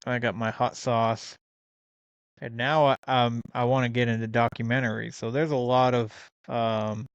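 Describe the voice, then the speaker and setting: Easygoing male podcast host, smooth voice. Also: mid-range voice, flat delivery, moderate pace, no room sound, highs cut off. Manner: easygoing, laughs often, many ums. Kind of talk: casual interview chat.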